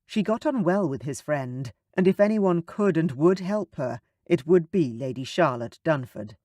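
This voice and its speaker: A man narrating a romance audiobook in an even, measured way. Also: fairly high pitch, dry recording.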